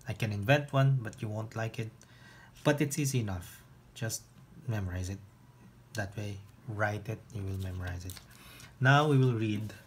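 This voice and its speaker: A man teaching an online lesson, explaining step by step with patient pauses and restarts. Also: on the low side, a little hiss or hum. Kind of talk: online lesson on reading biblical Greek.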